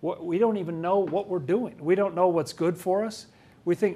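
A man's voice: sits high, moderate pace, mellow. A man giving a conversational talk on scripture, often acting out the voices of the people he quotes. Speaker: religious teacher.

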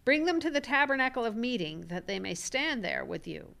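A woman reading scripture aloud in a Bible study, with a clear and expressive delivery. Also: on the high side, fairly quick.

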